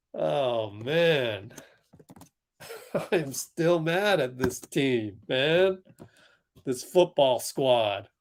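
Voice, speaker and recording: A young man hosts a live basketball watch-along, his voice sitting a little high and his speech unhurried. He sounds heated and exasperated, often breaking into laughs and sighs. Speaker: livestream host.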